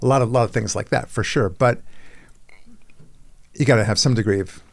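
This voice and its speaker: A man's voice: mid-range voice, brisk, gravelly. A middle-aged man hosting a podcast in casual chat, rambling and self-mocking, often repeating his words as he starts sentences. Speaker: podcast host.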